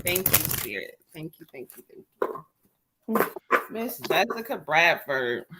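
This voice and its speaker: A woman's voice: sits low, sing-song, measured pace, very noisy. A woman hosting a casual live-stream chat, laughing often and using slang as she reads viewer comments aloud. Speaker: tarot reader and co-host.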